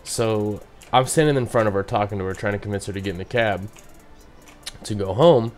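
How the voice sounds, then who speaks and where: A man's voice: lowish voice, a little fast, darkish tone. A young man, a bartender, casually telling a story and rambling with frequent "you know what I mean" asides.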